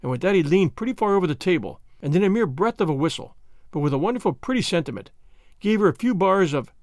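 A man narrating a classic novel in a measured, expressive storytelling manner into a close studio mic. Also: sits high, dry recording. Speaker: audiobook narrator.

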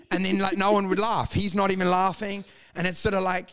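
A man's voice: sits high, level tone, quick pace, hardly any pauses, fairly bright tone, clear, resonant tone. An Australian man co-hosting a podcast, ranting and mocking with lots of swearing and laughter. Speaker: podcast co-host. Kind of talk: crude comedic podcast chat.

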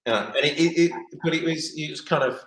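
A man's voice: fairly high pitch, fast talker, a bit bright. A middle-aged man, a former goalkeeper, telling rambling stories in casual chat, restarting sentences and acting out other people's lines. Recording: roomy echo.

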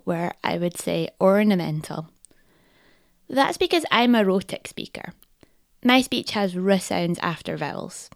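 A woman narrating, lively and gravelly. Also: medium pitch, no echo, clean studio sound. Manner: clear, explanatory, lightly wry. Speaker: presenter. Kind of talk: scripted narration.

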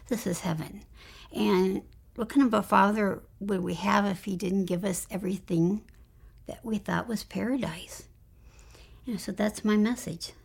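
A woman guest in an interview, earnestly recounting a personal spiritual experience and often dropping into a hushed whisper. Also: medium pitch, creaky, breathy edge. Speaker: guest telling her near-death story.

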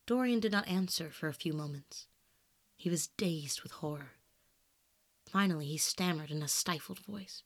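A man narrating a classic novel in a measured, quiet storytelling manner, close to the mic. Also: on the high side. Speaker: audiobook reader.

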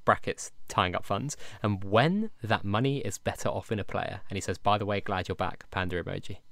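A man's voice: fairly low pitch, a little fast, vocal fry, fairly bright tone, dry recording. A man hosting a casual podcast, reading out listener questions and joking about his own slips. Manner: self-mocking, laughs at his own slips. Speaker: podcast host.

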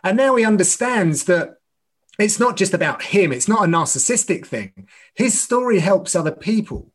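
A man's voice: sits high, expressive, normal speed, breathy edge. A middle-aged man, an MMA commentator, talking earnestly in a podcast interview and often restarting phrases. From United Kingdom.

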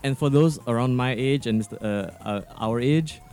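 A man's voice: medium pitch, moderate pace, darkish tone, faint music behind. A man co-hosting a casual podcast, joking and laughing often with many fillers. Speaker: podcast co-host.

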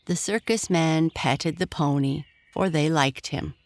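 A narrator reading a bedtime children's story in a gentle, even storytelling voice. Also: medium pitch, measured pace.

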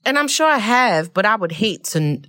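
A woman hosting a podcast, telling a personal story in a candid, expressive way and often laughing. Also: medium pitch, normal speed, dry recording, studio quality. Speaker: podcast host.

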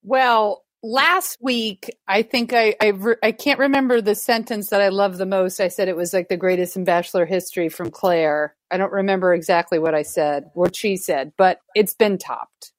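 A woman's voice: mid-range voice, fairly even intonation, normal speed, few pauses, no echo, clean studio sound. Sarcastic woman podcast co-host. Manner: sarcastic, exasperated, swearing. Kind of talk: casual chat, recapping a reality dating show.

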